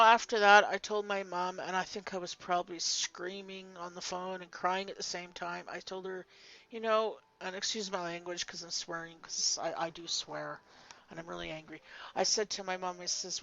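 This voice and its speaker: A woman's voice: mid-range voice, a bit bright, highs cut off. An older woman telling a personal story in a vlog, blunt and emphatic, swearing freely. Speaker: vlogger.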